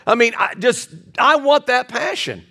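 Pastor, man, high voice; excitable sermon delivery, folksy and joking, stammery restarts. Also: measured pace, gravelly. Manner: energetic and animated, with frequent stammered restarts and bursts of loud emphasis; folksy and humorous with the congregation. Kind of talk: sermon with personal stories. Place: church service.

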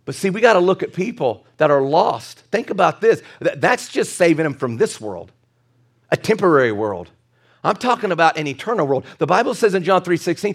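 A man's voice: on the high side, animated, fast talker. A middle-aged male pastor preaching a sermon, earnest and repetitive, building to emphatic peaks and chuckling at his own asides.

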